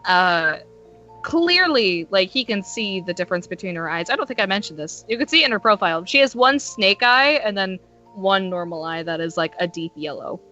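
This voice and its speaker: A woman's voice: mid-range voice, lively intonation, normal speed, sharp tone, muffled recording, soft background music. Giggly woman playing a tabletop game. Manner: giggly, playful. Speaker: player.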